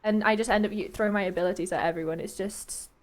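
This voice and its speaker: A woman's voice: mid-range voice, steady tone, quick pace. A young woman casting esports, making casual chat between games with frequent giggles. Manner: chatty, giggly, trailing off. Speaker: esports caster.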